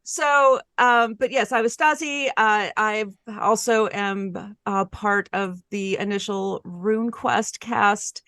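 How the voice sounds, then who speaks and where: A woman's voice: mid-range voice, slow pace, hardly any pauses, a bit bright, dry recording. A woman casually introducing herself on a podcast, rambling and laughing at herself. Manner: rambling, self-deprecating, laughing often. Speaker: podcast guest player.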